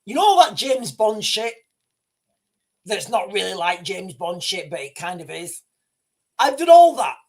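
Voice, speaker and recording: A man hosting a livestream, reading breaking news aloud live. He is excitable, swears freely, and stammers and restarts his sentences. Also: sits high, unhurried. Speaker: livestream host.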